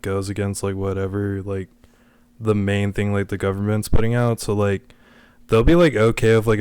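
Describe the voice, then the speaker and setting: A man's voice: fairly low pitch, darkish tone, smooth, no room sound. A young man co-hosting a podcast in casual chat, crude and full of "like" fillers. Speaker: podcast co-host.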